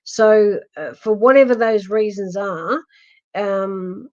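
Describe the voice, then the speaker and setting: A woman's voice: medium pitch, takes it slowly, darkish tone. A middle-aged woman from Australia hosting a live psychic reading stream, chatty and giggly, full of ums and restarts. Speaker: psychic medium host. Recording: dull lo-fi live stream audio.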